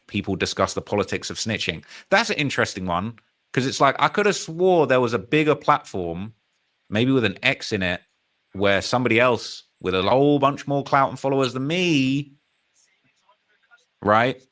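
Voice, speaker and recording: A British man hosting a live stream, commenting casually and emphatically on rap news and reading out chat comments. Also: medium pitch. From United Kingdom. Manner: animated, emphatic, repeats phrases, reads comments aloud.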